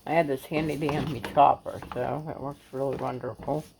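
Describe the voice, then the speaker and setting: Chatty woman cooking over loud sizzle. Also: rumbling low, steady tone, normal speed, gravelly, background noise. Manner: chatty, homespun, loose with restarts. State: has the hiccups. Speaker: cooking vlogger. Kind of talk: casual cooking walkthrough. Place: home kitchen. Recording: loud frying sizzle behind.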